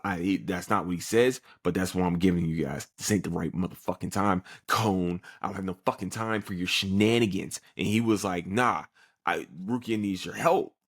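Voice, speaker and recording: A man hosting a podcast, casually recapping an anime episode with lots of swearing and quick put-on character voices. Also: sits low, slightly rough. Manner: animated storyteller who acts out characters in quick put-on voices; swears freely, loose and joking.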